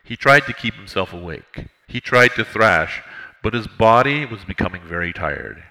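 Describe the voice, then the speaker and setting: Man, audiobook narrator, very low voice, bright, measured. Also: rough recording. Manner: measured steady reading.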